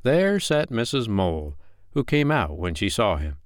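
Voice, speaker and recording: A man who hosts a podcast, reading a bedtime story aloud with a gentle, expressive manner. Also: fairly low pitch, unhurried, no room sound, clean studio sound.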